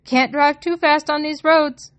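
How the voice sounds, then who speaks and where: Woman doing a loud joking taxi driver. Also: sits high, steady tone, a little slow, pitched above the performer's own voice. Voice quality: almost British accent. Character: cheerful chatty male taxi driver.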